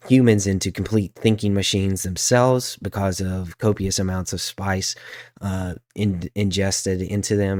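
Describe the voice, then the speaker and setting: A man's voice: low voice, darkish tone, dry recording, clean studio sound. A man co-hosting a podcast, shivering from cold while explaining things at length with hesitant fillers. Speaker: podcast co-host. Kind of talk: casual chat.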